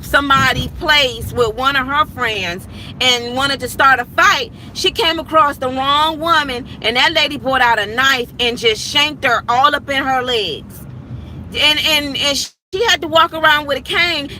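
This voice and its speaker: Animated bright-voiced woman telling a story. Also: high-pitched, a little hiss or hum, low-quality recording. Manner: animated, vivid retelling with acted-out quotes. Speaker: vlogger telling a personal story. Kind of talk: candid storytelling to the audience.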